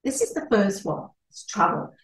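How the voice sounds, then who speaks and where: Animated woman in an echoey room. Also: mid-range voice, moderate pace. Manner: animated, acts out little dialogues. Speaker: networking trainer. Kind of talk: presentation talk. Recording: echoey room, distant mic.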